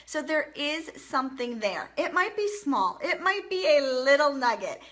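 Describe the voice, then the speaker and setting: A woman's voice: high-pitched, big pitch swings, normal speed, fairly bright tone. A woman in her thirties, a parenting vlogger chatting casually and encouragingly to viewers on a live stream. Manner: chatty, encouraging, reads viewer comments aloud.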